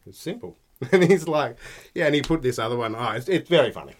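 Speaking fast and with animation, an Australian podcast co-host keeps the conversation casual. His pitch sits in the medium range, and his relaxed storytelling is peppered with swearing and frequent laughs.

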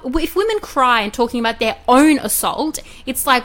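A woman's voice: sits high, expressive, moderate pace, hardly any pauses, a bit bright. A woman co-hosting a podcast, talking in a heated, outspoken way and swearing often. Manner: heated, swears, mimics politicians. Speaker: podcast co-host. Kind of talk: casual podcast chat.

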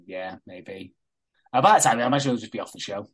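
A man, co-hosting a podcast, retelling a soap plot in a casual, animated way and swearing freely. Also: lowish voice, fast talker, husky. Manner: animated retelling, swears a lot, laughs often. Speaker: podcast co-host recapping a soap.

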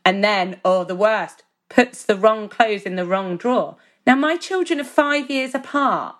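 A woman co-hosting a podcast, telling animated stories in casual chat, with swearing and laughter. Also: a little high, moderate pace. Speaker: podcast co-host.

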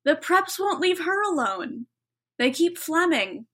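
A young woman co-hosting a podcast, quick-witted and analytical, laughing often in casual chat. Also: very high-pitched, big pitch swings, fairly bright tone. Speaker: podcast co-host.

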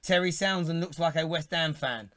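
A joking Cockney man is co-hosting a casual live football stream. His voice is bright and a little high, and he laughs easily and stumbles over restarts. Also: moderate pace. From England. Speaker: co-host of a football live show.

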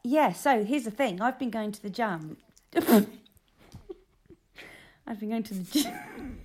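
A woman co-hosting a casual podcast chat. Her voice sits high and swings widely in pitch. She is excitable and laughs often as she talks. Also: takes it slowly, slightly rough. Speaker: podcast co-host. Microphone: earphones in.

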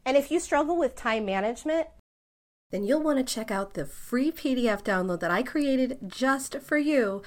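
A woman's voice: sits high, lively intonation, normal speed. A middle-aged woman who runs her own business and is a mother, giving chatty, self-deprecating advice in a casual vlog.

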